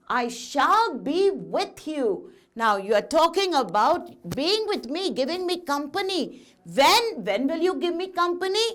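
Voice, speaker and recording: Lively, high-voiced woman grammar teacher. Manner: patient, asks questions and answers them. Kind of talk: classroom lesson addressing children.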